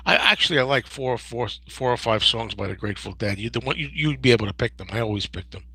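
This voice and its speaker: A man in his fifties hosting a casual livestream Q&A, rambling and digressive with many restarts and a gravelly, husky voice. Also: medium pitch, quick pace, few pauses, bright, forceful tone, dry recording, rough recording. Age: 50s. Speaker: host.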